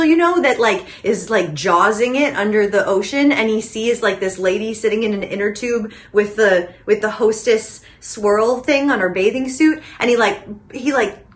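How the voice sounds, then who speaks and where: A young woman with a slightly high voice hosts a comedic vlog monologue. She rambles from tangent to tangent, animated and chatty, with filler words all through. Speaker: host of a nostalgia channel.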